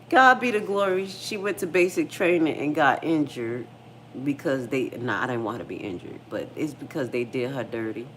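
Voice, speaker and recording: A middle-aged woman hosts a casual livestream and talks bluntly, with plenty of profanity. Her voice sits low, and she tells stories in an animated way. Faint noise hums underneath. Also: normal speed. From United States. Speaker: livestream host.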